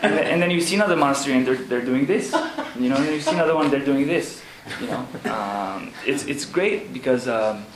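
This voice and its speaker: A man, a Zen monk, talking casually about monastery life, halting with fillers and laughing as he tells stories. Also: medium pitch, expressive. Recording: echoey room with background noise.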